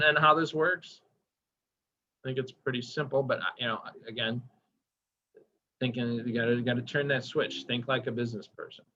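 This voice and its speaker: In a medium-pitched, fairly bright voice, a male workshop instructor gives a relaxed training lecture on a dull lo-fi recording. He chats eagerly and keeps posing questions to the class.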